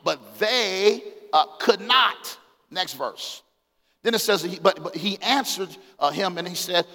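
A man in his forties preaching a sermon as pastor, calling out to the congregation, swinging between loud exclamations and quiet scripture reading. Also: high-pitched, takes it slowly. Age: 40s. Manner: call-and-response preaching, rises to shouts, reads scripture aloud. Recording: long hall reverb.

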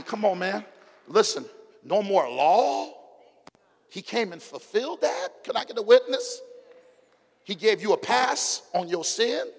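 A middle-aged pastor with an African American Vernacular English accent preaches in a high voice. He drops to a hush and builds to shouts, calling out to the congregation. The sanctuary gives his voice a long, ringing reverb. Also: breathy edge. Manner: call-and-response preaching, swings from hushed to shouting. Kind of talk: sermon. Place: church sanctuary.

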